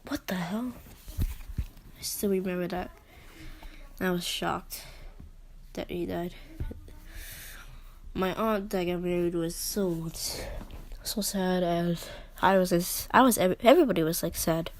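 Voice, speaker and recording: A teenage girl telling a personal story in a vlog, halting and hesitant, with many fillers and restarts and soft whispered asides. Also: lowish voice, fairly even intonation, slight background noise. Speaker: vlogger.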